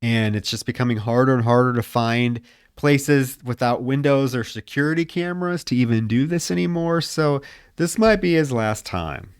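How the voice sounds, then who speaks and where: A man's voice: medium pitch, expressive, normal speed, clean tone, no echo, studio quality. A man co-hosting a film podcast who retells scenes by acting out the characters' lines. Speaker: podcast co-host. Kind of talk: casual film review chat.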